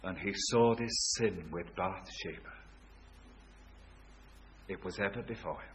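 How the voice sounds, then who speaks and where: A man preaching a sermon, swinging from hushed, quiet lines to loud, ringing ones. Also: sits low, unhurried, slight background noise. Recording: dull lo-fi recording.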